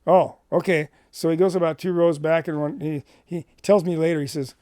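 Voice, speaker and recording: A middle-aged man from Washington State telling a personal ministry story in an animated way, acting out the dialogue. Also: fairly high pitch, normal speed, dry recording, studio quality. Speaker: Christian ministry speaker.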